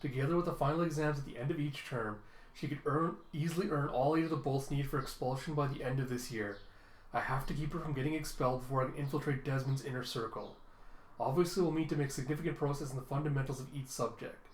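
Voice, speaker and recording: A man voicing a calm, calculating spy father who plans in a measured, methodical way. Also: medium pitch, slight background noise, close to an everyday voice. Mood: scheming. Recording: echoey room.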